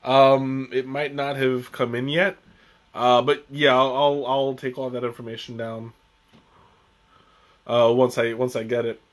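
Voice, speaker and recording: A man's voice: mid-range voice, level tone, a little slow. A young man hosting a live tea tasting stream, chatting casually in a rambling way with restarts and chuckles.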